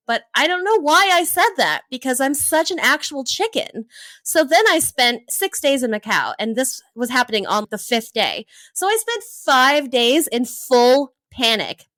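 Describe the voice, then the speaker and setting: A woman from Hawaii, in her thirties, telling travel stories in a casual interview, lively and laughing often. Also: on the high side, no echo. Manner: animated, laughs often, acts out her own past thoughts. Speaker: travel entrepreneur guest.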